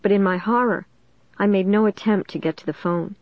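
A woman's voice: medium pitch, steady tone, fairly quick, dry recording. A woman narrating a storybook in a tense, dramatic reading. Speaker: audiobook reader. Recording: dull dry recording.

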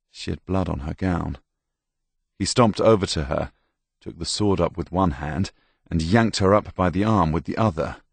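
A man narrating an audiobook in a very deep voice with a gravelly edge. His storytelling is measured and deliberate, taken at a slow pace. The recording is dry and close. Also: no echo. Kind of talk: scripted narration.

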